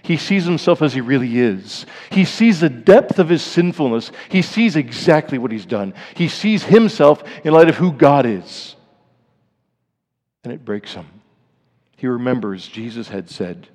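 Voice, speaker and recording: A male pastor delivering a sermon in a middle-pitched voice that sinks into hushed, grave lows before climbing to emphatic peaks. His words ring out with a long reverb, as if he is speaking in a large church sanctuary. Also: lively intonation, a little slow.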